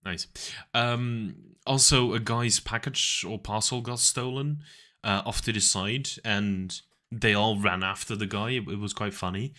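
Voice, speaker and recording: A man's voice: fairly low pitch, steady tone, a little slow, pushed and bright. A man streaming and chatting casually with viewers, rambling through stories and laughing often.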